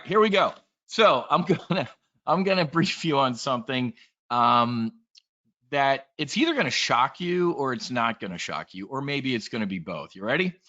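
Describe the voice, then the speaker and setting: A man delivers an animated trading briefing, joking and calling out to the room. His voice is bright and pushed forward. The recording is muffled and lo-fi. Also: medium pitch. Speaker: trading educator. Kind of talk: energetic presentation to an audience. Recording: dull lo-fi sound.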